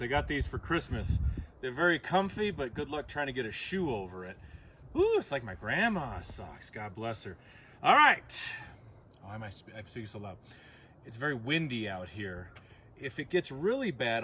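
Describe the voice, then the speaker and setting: A man leading a morning yoga stretch outdoors, giving calm instructions with playful joking asides. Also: medium pitch, slight background noise. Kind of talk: guided yoga class. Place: outdoor deck on a windy morning.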